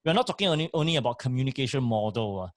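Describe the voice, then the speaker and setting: Male co-host, mid pitch, dry close sound, instructive. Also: very animated, racing, dry recording. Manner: emphatic, instructive, repeats key points. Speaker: co-host and motivational speaker. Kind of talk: casual chat, giving advice.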